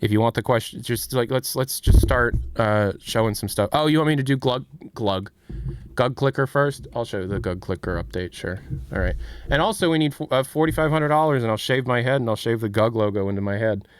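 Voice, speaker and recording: A man's voice: medium pitch, a little fast, slight background noise. A man hosting a casual livestream, rambling as he answers chat questions. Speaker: streamer and host.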